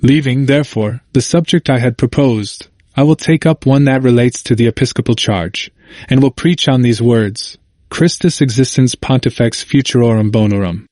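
A man reading the part of a zealous reformer preacher who speaks with emphatic, sharp irony. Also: mid-range voice, normal speed, no room sound, studio quality, lightly acted. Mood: calm.

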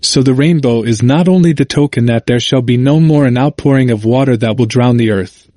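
A man reading scripture and a Bible commentary aloud, with slow, deliberate phrasing broken into short clauses. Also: mid-range voice, dark tone, no room sound, clean studio sound.

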